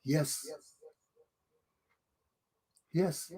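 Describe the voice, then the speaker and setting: A man's voice: drawn-out words, a crowd in the background. A man with a Liberian accent hosting a talk show, delivering an angry, combative political monologue full of insults and profanity.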